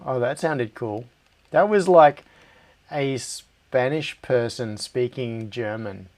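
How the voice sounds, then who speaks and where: A man's voice: medium pitch, slow. A middle-aged Australian man hosting a casual live stream, thinking aloud, distracted and laughing often. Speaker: livestream host. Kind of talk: casual live-stream chat while working.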